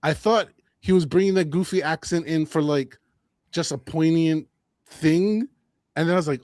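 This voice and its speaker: Casual sports podcast guy, animated and blunt, dry close mic sound. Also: on the high side, normal speed, no room sound. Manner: animated, opinionated, repeats phrases. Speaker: podcast co-host. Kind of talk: casual combat sports chat.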